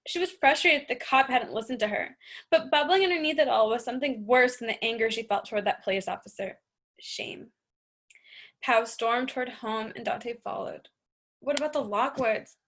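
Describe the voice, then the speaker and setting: A woman narrates a novel for an audiobook, her voice sitting a touch higher than most. She reads at a steady, brisk clip. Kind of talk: scripted narration.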